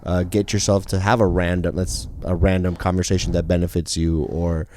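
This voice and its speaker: A man's voice: deep voice, little pitch movement, normal speed, a little mellow, a little hiss or hum. A man co-hosting a casual podcast, laid-back, laughing often and swearing casually. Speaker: podcast co-host.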